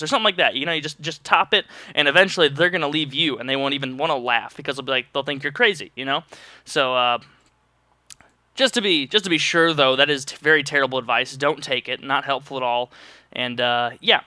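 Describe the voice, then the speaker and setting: A man's voice: fairly high pitch, quick pace, bright, forceful tone, no echo, clean studio sound. A young man vlogging to his viewers, answering their questions in a loose, joking ramble with sarcastic asides. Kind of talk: casual rambling monologue.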